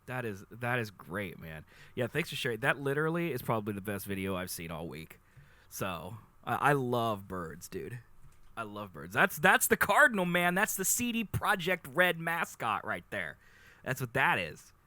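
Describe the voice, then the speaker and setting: A young man streaming live, chatting casually and gushing excitedly with frequent laughs. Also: mid-range voice, moderate pace, no echo. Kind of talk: casual livestream chat.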